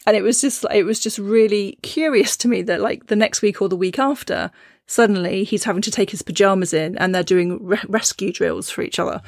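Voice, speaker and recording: A woman's voice: mid-range voice, dry recording, clean studio sound. A woman hosting a podcast, talking about spiritual experiences in a rambling, chatty way with lots of fillers and little laughs. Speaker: podcast host. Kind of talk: casual spiritual talk.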